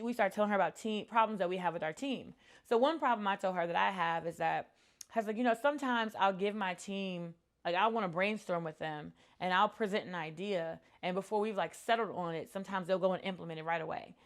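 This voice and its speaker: A woman in her thirties talks straight to camera about what she has learned running a business. Her delivery is earnest and reflective, loose and conversational, with frequent ums and restarts. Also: mid-range voice. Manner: earnest, reflective, many fillers. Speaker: entrepreneur vlogger. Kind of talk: casual talk to camera.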